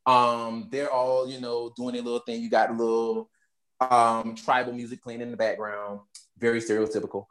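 A woman casually recapping a movie, telling it in an animated way and acting out the characters' lines. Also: rumbling low, normal speed. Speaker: podcast co-host recapping a movie. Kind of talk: casual chat.

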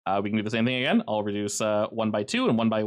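A man's voice: fairly low pitch, very animated, very fast. A man running a tabletop game as game master, telling the scenes in a casual, vivid way with many fillers.

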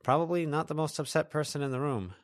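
A man voicing a drowsy, dry-witted teenage girl, speaking softly and wryly in an audiobook reading. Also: fairly high pitch, fast, no echo, pitched above the performer's own voice, close to an everyday voice.

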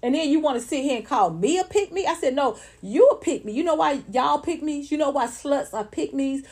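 A woman's voice: sits high, normal speed, darkish tone. A woman with ranting bluntly and with a lot of profanity, mocking others in put-on voices as she hosts casual online talk.

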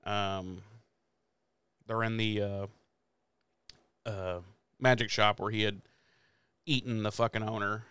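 A Midwestern man co-hosts a podcast, speaking slowly with long pauses in a fairly low, clean voice free of room sound. Even so, his casual recap of a TV episode is animated, full of swearing and acted-out character quotes.

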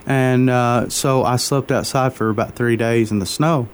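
A man as an interview guest, telling a personal faith story in an earnest, halting way, openly moved. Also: medium pitch, steady tone, a little hiss or hum. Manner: earnest, halting, many fillers and restarts.

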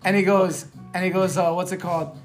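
A young man with a high voice tells a rambling story among friends, loose and slangy, laughing between lines. Faint music plays behind him. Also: flat delivery, fairly quick. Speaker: podcast co-host. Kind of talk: casual chat among friends.

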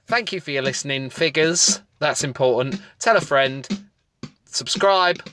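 A man's voice: a little high, a little slow, pushed and bright, slight background noise. A man co-hosting a casual podcast, a comedian talking loosely with plenty of ums and some teasing. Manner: chatty, rambling with ums, teasing. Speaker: podcast co-host.

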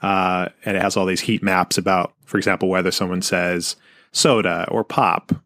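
A very deep-voiced man from the Pacific Northwest hosts a podcast in an easygoing, affable way, sometimes stumbling over his first words. The sound is dry and close, with no room echo. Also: level tone, normal speed, a bit bright. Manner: easygoing and affable, stammers on openings. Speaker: podcast host. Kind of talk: casual interview chat.

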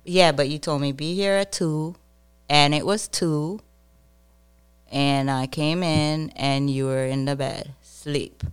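Young woman on a podcast, giggly, animated, lowish smooth voice. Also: takes it slowly. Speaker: podcast co-host. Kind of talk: casual podcast banter.

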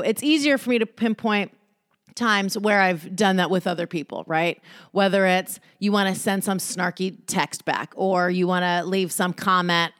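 A woman's voice: medium pitch, a bit bright, clear, resonant tone, no room sound, clean studio sound. A woman hosting a casual self-help monologue, candid and joking, with profane asides.

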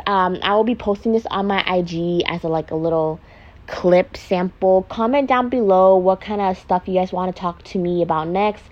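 A young, emotional, pregnant vlogger chats frankly on her makeup podcast in a mid-range voice, heard through a muffled recording. It's casual confessional talk, full of swearing and constant "like."

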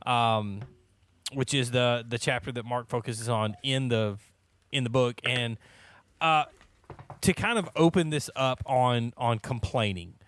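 Man, 30s, laid-back Bible study leader, jokey, laughs a lot, mid pitch. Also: unhurried, a bit bright. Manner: joking, laughs often, many restarts. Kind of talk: casual church Bible study chat.

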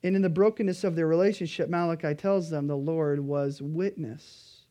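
Male pastor, higher voice, earnest emphatic sermon delivery. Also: moderate pace. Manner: emphatic preaching, pleading then quietly earnest.

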